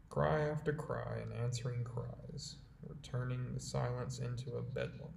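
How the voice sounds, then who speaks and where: Man reading a book aloud, calm steady pace, kinda echoey room, faint hiss. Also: mid-range voice, measured pace, creaky, hardly any pauses. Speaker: audiobook reader. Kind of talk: storybook narration. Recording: roomy echo, faint background hiss.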